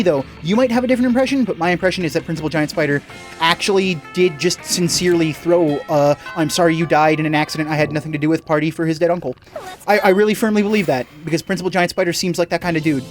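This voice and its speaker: Man, game commentary, casual, joking, rambling, mid pitch, faint music. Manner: joking, rambling, fast when excited. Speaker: game streamer.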